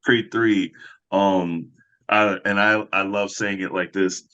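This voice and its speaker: Deep-voiced man telling set stories. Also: takes it slowly. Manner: relaxed storyteller who acts out other voices. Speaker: actor and fight coordinator. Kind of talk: casual podcast interview. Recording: slightly dull lo-fi sound.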